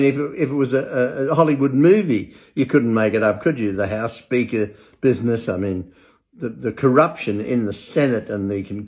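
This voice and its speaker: Blunt, swearing older man. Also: mid-range voice. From England. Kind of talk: ranting monologue.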